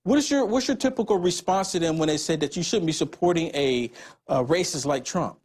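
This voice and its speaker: Halting man asking rambling questions. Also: on the high side, lively intonation, darkish tone, slightly rough. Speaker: interviewer host. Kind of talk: casual interview questions.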